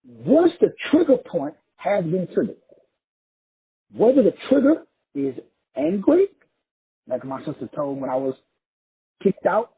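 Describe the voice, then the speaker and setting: Raspy, lively-voiced man preaching profanely. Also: sits high, measured pace, long pauses. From Texas, USA. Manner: profane, emphatic, repeats phrases for effect. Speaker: motivational speaker. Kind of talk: preachy motivational monologue. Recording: tinny phone-like audio.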